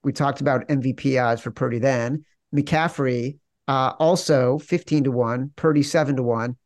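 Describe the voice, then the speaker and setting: An upbeat, jokey podcast host runs through quick ad reads, promos, and banter on a sports betting show. His medium-pitched voice has a darkish tone and fairly even intonation, captured in a dry, studio-quality recording.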